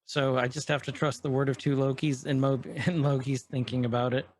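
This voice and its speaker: This co-host talks fairly quickly at a medium pitch, with little pitch movement. He rambles through a casual recap of a show episode for the podcast, paraphrasing characters' lines and filling gaps with filler words.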